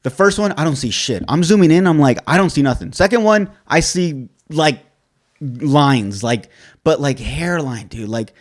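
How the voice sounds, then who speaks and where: A man's voice: a little high, animated, moderate pace. A man co-hosting a podcast, telling a frustrating story in casual chat, swearing a lot and quoting both sides of the conversation. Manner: profane, exasperated storytelling with quoted dialogue. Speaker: podcast co-host.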